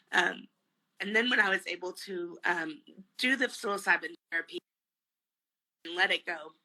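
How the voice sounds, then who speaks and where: Woman, very bright voice, tearful, candid, halting speech, video call. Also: lowish voice, low-quality recording. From family from Mexico. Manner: tearful, candid, trailing off with many fillers. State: close to crying. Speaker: guest. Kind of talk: emotional personal interview.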